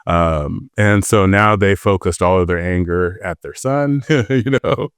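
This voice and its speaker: Deep-voiced man telling stories. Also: unhurried, smooth, no echo, studio quality. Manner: anecdotal, self-assured. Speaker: guest, former FBI agent. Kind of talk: casual storytelling.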